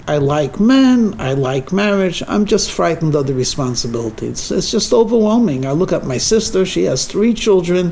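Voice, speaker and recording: Male performer doing a high, pleading, worn-out daughter voice, swings up and down. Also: sing-song, normal speed, vocal fry, few pauses, a little mellow, exaggerated voice. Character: anxious grown daughter, exasperated, pleading. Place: synagogue lecture room.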